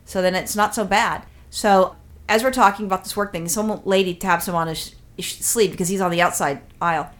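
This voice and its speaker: A woman chatting as a podcast co-host, rattling off a long anecdote at a quick clip. She swears often and tells it loosely, with lots of restarts and asides. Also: mid-range voice. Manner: rambling, profane, animated storyteller. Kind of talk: casual storytelling chat.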